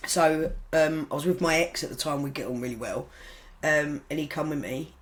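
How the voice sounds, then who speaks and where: A woman's voice: deep voice, normal speed, rough recording. A woman, a podcast guest telling her story in a frank, rambling way, full of restarts, blunt humour and the odd swear word. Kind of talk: casual spoken storytelling.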